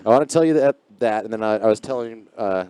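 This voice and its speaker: A man's voice: on the low side, fast, dark tone, smooth, dry recording. A man co-hosting a podcast in a garage, telling stories in a rambling, profane, casual way. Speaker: podcast co-host.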